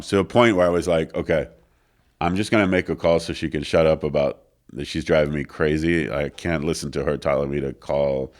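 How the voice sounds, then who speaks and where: A man's voice: rumbling low, fairly quick. A middle-aged man, telling stories as a guest in a studio interview, acting out the dialogue. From France. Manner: animated storyteller, acts out quoted dialogue, many fillers. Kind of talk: casual storytelling interview. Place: recording studio.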